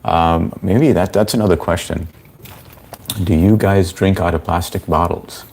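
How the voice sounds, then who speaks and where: A man's voice: low-pitched, fairly even intonation, measured pace, gravelly, darkish tone, a little hiss or hum. A young man hosting a casual live-stream Q&A, chatting loosely and reading viewer comments aloud. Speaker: livestream host answering chat.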